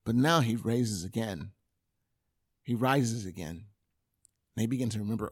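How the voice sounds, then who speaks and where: A man preaching a sermon in a conversational, animated way, with everyday examples. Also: fairly low pitch, a little slow.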